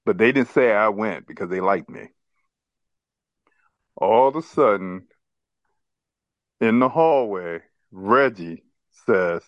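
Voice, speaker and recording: A man's voice: lowish voice, expressive, slow, long pauses, dry recording, highs cut off. A man co-hosting a podcast, telling a childhood story in casual chat and laughing as he goes. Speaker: podcast co-host.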